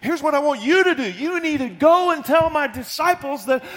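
A man voicing Jesus, a calm, commanding teacher who makes declarations with emphasis. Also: sits high, unhurried, creaky, in a large hall, voice pushed up, exaggerated voice. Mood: triumphant.

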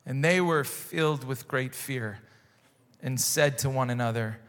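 A man preaching a sermon as a pastor, telling a story with animated dramatic exclamations. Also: medium pitch, measured pace. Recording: long hall reverb.

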